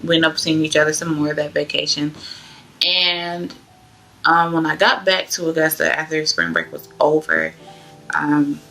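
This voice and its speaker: Young woman, low voice, gravelly fry, bright edge, chatty testimony, lots of fillers. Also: expressive, a little slow, soft background music. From Georgia, US. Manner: chatty, loose, many "like" fillers. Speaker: vlogger sharing her testimony. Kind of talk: casual personal storytelling.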